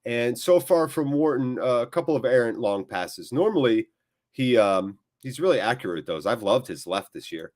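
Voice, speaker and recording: Excitable man calling a live watchalong. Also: medium pitch, moderate pace. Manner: excitable, jokey, chatting with viewers between play calls. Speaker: fan channel host. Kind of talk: live watchalong match commentary.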